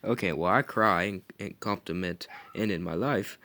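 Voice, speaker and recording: A man's voice: low-pitched, expressive, normal speed, few pauses, bright, forceful tone. A man vlogging casually at home with his dog, rambling and joking self-consciously to the camera.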